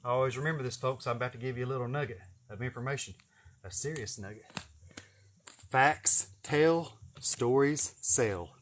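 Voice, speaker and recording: A brash man talks outdoors as he works in a garden, his voice sitting in a middle pitch. He curses freely, repeats words for punch and laughs at his own jokes. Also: very fast, slight background noise. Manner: loud, swearing, self-amused, repeats words for emphasis. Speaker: vlogger and contractor. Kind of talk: casual profane monologue while working outdoors.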